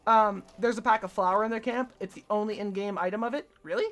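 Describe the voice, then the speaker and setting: A woman's voice: mid-range voice, steady tone, fast, a bit bright. Crude, joking woman streamer. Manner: crude, joking, sighs often. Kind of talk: casual gaming commentary.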